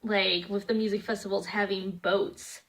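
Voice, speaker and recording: A young woman vlogging a casual review of cartoon episodes, chatty and animated, slipping into playful voices. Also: medium pitch, moderate pace. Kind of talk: casual reaction chat.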